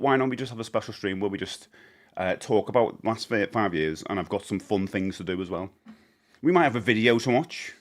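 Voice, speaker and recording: Chatty low-voiced British man streaming. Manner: chatty, rambling, many fillers, greets viewers. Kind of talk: live stream chat.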